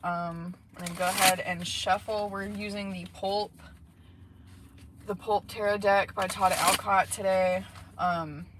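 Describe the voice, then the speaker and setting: A woman with a medium-pitched, steady voice speaks at a measured pace. She gives a casual, rambling tarot reading from a parked car, full of fillers and asides. Faint noise sits in the background.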